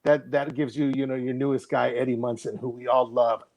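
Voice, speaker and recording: A middle-aged man with a mid-pitched voice co-hosts a casual podcast. He talks in a lively way and laughs often. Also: brisk. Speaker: podcast co-host.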